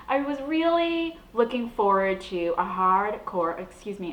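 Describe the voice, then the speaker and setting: A woman's voice: medium pitch, unhurried, few pauses, reverberant, rough recording. A young adult woman from the Boston area hosting her own show, talking in a chatty, gushing way. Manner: chatty, gushing, animated with laughs. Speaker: vlog host. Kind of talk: casual chat.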